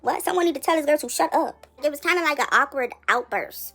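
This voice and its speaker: A woman giving casual commentary on a reality show, chatty and quick to react, full of rhetorical questions. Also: high voice, a bit bright, soft background music.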